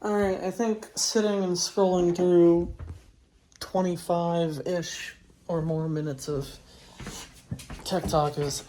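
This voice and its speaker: A young woman casually chatting in a vlog at home, tired and unhurried, swearing now and then. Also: on the low side, mellow, slight background noise. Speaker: vlogger, truck driver.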